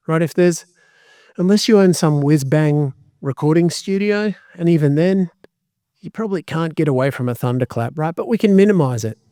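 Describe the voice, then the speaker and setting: A man giving a community talk as a dog trainer, lively and conversational with joking asides. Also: on the high side, no room sound, clean studio sound.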